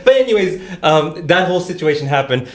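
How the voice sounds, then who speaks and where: Animated man telling a story. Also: a little high, fairly quick. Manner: animated, acts out quotes, laughs often, repeats words. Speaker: podcast host. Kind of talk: casual storytelling chat.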